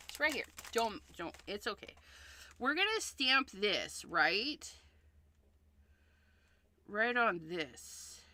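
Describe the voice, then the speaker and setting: Chatty woman with a bright voice. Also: on the high side, a little hiss or hum. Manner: chatty, thinks aloud and repeats herself. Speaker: card-making livestream host. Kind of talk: casual crafting demonstration.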